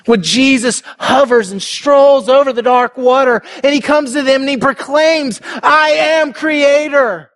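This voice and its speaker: A man preaching a sermon as a pastor, earnest and building to emphatic shouts. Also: very high-pitched, normal speed, few pauses.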